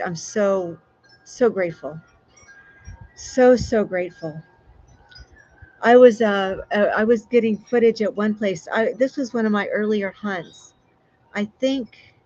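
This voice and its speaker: Female livestream host, chatty and rambling, restarts her sentences, slightly lo-fi sound. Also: mid-range voice. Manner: chatty, rambling, warm with frequent fillers and restarts. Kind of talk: casual live chat with viewers.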